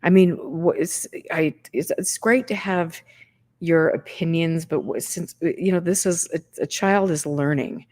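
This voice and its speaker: A woman's voice: on the low side, measured pace, darkish tone. A woman hosting a casual conversation, rambling and searching for words.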